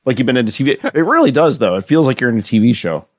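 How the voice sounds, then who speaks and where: A man's voice: mid-range voice, expressive, racing, no echo. A man co-hosting a comedy podcast, blunt and opinionated in casual chat. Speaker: podcast co-host.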